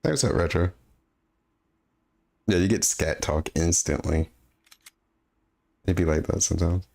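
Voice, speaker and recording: A very deep male voice with a gravelly rasp tosses out crude, offhand jokes. He sounds relaxed and unbothered while chatting beside a friend's game. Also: a little slow. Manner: joking, crude, laid-back. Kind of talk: casual chat.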